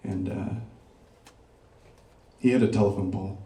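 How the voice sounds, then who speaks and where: A middle-aged man performing a stand-up comedy set, doing crowd work and dropping deadpan dark punchlines on a club stage. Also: deep voice, measured pace. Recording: roomy club sound, mic picked up from a distance.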